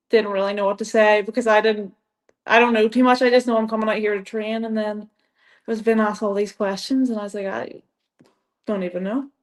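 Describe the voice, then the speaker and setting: A young woman with an Irish accent, a guest chatting casually in an interview, rambling with lots of "like" and frequent laughs. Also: mid-range voice. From Ireland. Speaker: guest athlete.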